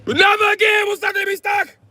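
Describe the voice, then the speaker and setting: A man putting on the voice of a gloating, menacing tyrant emperor, bellowing slow proclamations. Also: very high voice, level tone, pushed and bright, dry recording, shouting, faint music behind, pitched above the performer's own voice, heavily acted.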